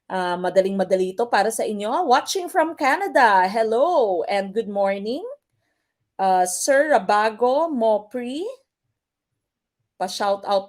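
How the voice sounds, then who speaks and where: A woman's voice: mid-range voice, a little mellow. A woman teacher with a Filipino accent leading a live-streamed exam review, switching between English and Tagalog and reading out viewer comments. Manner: mixes English and Tagalog, reads out viewer comments, drills stress patterns.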